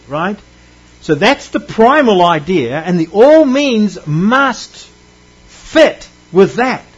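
Husky guy preaching, kinda high voice, punches key words. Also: muffled recording. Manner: emphatic, reading scripture aloud and explaining it. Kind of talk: sermon.

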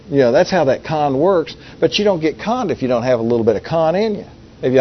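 A man's voice: on the high side, big pitch swings, quick pace, breathy edge. Folksy male preacher, lo-fi recording. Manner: folksy, conversational, asks the audience rhetorical questions. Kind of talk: sermon. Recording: dull lo-fi recording with faint hiss.

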